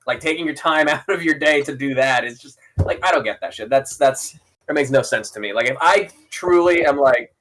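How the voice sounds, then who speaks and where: A man's voice: mid-range voice, moderate pace, a bit bright. A man co-hosting a podcast in casual chat, rambling with lots of fillers and frequent laughs. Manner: rambling, full of "like" and "you know", laughs often. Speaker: podcast co-host.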